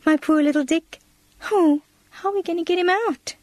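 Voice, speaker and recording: A woman's voice: high-pitched, fairly quick, dry recording. A woman voicing a brave, eager little girl who pleads and exclaims in a storybook reading. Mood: eager pleading. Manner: pleading, excited.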